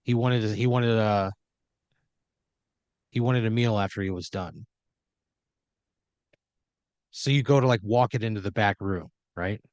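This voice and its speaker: This man's voice sits on the low side with a darkish tone, and he speaks slowly, leaving long pauses. As a comedy podcast host, he rambles through an improvised story told in the second person, filled with fillers and occasional quoted voices. The audio is dull, with no room sound.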